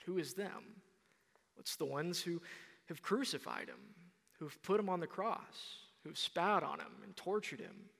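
A young man preaching a sermon, retelling a parable in a conversational, animated way. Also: on the high side, normal speed, gravelly, big-room sound. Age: young adult.

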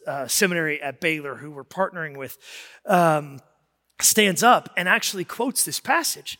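A man preaching a sermon as pastor, telling stories in an animated way that rises to shouts of emphasis. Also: high voice, big-room sound. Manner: animated storytelling, rising to shouts.

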